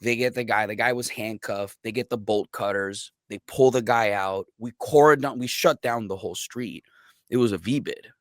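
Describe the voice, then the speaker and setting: Man, low voice, dry close sound, casual profane storytelling, podcast guest. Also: moderate pace, no room sound. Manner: profane, animated storyteller who acts out quotes. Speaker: podcast guest, military veteran.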